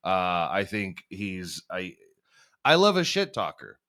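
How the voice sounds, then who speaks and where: A man's voice: deep voice, huge pitch swings, slow, bright, forceful tone. A young man hosting a podcast, rambling and swearing freely, often laughing at himself. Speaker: podcast host. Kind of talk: casual chat.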